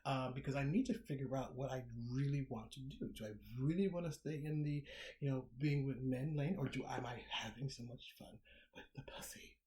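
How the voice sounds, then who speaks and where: A man's voice: medium pitch, fairly quick, mellow. A man in easy podcast conversation, weighing each point and often repeating a word before he goes on. His voice carries the ring of a roomy, echoing space around him. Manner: reflective, repeats words while thinking. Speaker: podcast co-host. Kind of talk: casual chat. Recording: roomy echo.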